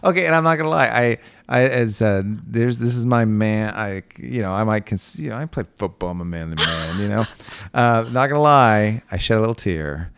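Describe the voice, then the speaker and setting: A male host with a gravelly, fry-tinged voice leads a casual interview. He jokes around and sounds enthusiastic, often breaking into laughter. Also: fairly low pitch, lively intonation, moderate pace, fairly bright tone. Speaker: podcast host.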